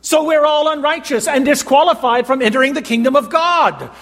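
High-voiced preacher in an echoing hall. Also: male voice, fairly bright tone. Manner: emphatic, asks the congregation questions and pauses for answers. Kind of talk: sermon. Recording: long hall reverb.

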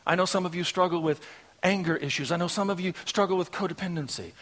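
A man preaching a sermon, shifting between hushed, intimate lines and loud, emphatic declarations. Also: sits high, fast talker.

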